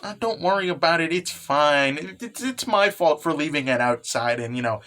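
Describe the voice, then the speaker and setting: A man's voice: fairly high pitch, animated, normal speed, sharp tone, slight background noise. A man voicing a cheerful, caring young husband in a loose, casual way while recapping a comic. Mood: upbeat.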